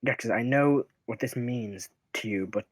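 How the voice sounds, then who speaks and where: A man acting as dungeon master in a tabletop game, speaking for characters in his own halting voice. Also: medium pitch, no echo, low-quality recording.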